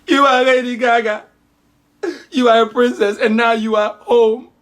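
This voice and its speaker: A woman's voice: sits high, unhurried, voice pushed up. A woman voicing a tearful, overwrought queen mother who pleads and repeats herself.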